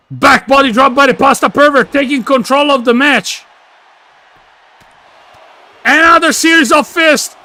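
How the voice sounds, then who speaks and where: Man, very high voice, bright and sharp, excitable wrestling commentary, yelling, broken grammar. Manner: excitable, yelling, non-native grammar slips.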